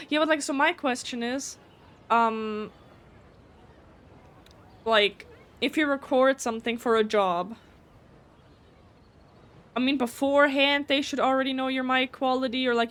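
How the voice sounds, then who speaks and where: A chatty woman streams a video game live and talks casually with her viewers. Her voice sits a bit higher than most, and her manner is blunt, with casual swearing mixed in. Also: a bit bright. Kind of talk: casual live gameplay commentary.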